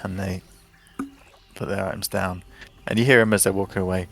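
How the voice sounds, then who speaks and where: A man running a tabletop role-playing game as game master, narrating scenes in a relaxed way. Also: low voice, moderate pace, gravelly, pauses often, faint music behind. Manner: relaxed, descriptive narration with fillers.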